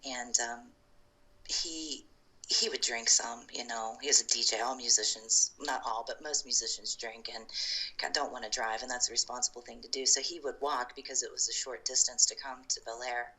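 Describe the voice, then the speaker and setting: A low-voiced woman from Ohio, USA, with a bright, forceful tone tells her story as a former homeowner in a casual interview, recorded roughly at normal speed. Chatty and animated, she acts out past dialogue, laughs as she goes, and uses frequent fillers and restarts.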